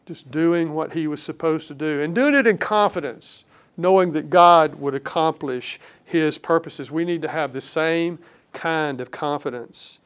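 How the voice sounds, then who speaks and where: Earnest preaching man, smooth voice. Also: on the high side. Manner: earnest, emphatic preaching with slow stressed phrases. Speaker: pastor. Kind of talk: sermon.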